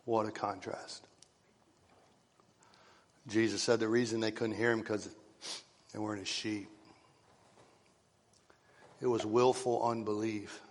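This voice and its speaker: A man preaching a sermon to his congregation, swinging from loud rising calls to hushed, whispered lines. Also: on the low side, level tone, unhurried, pauses often. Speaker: pastor. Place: church sanctuary. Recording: long reverb of a church hall.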